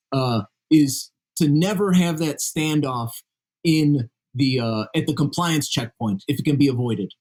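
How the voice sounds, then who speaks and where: A man's voice: a little high, a little mellow, breathy edge. A man being interviewed as a guest author, explaining his views in an earnest, conversational way.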